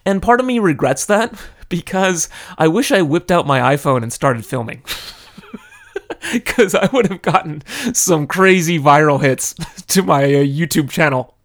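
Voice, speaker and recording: Brief: lively male storyteller, slightly higher voice, close mic. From California. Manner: animated, dramatic storyteller. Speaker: YouTuber telling a personal story. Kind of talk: casual storytelling monologue. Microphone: close studio microphone.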